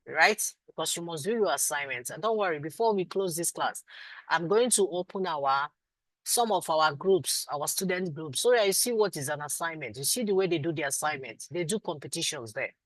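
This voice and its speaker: A woman's voice: deep voice, animated, normal speed, a bit bright, no room sound, low-quality recording. A Nigerian woman teaching a live online class and answering students, affectionate with them but firm about doing the work. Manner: affectionate, calls students sweetie and my love. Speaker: instructor.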